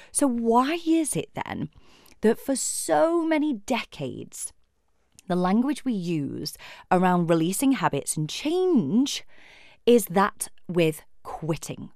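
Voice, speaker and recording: A woman mindset coach talking alone on her podcast, expressive and acting out imagined voices. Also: mid-range voice, slow pace, no room sound, studio quality. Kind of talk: solo podcast monologue.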